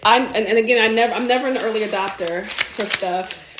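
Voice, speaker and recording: A woman in her thirties, a marketing coach, chatting casually and excitedly on a live video, rambling with lots of "like" while sounding a bit congested. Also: mid-range voice, brisk, background noise. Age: 30s.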